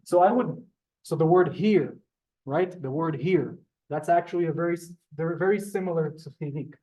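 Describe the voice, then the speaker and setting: A male Hebrew teacher leads a live beginner class in a synagogue room, also streamed on Zoom. His voice sits a bit high for a man. He is polite and chatty, calling his students "sir". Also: moderate pace, dark tone.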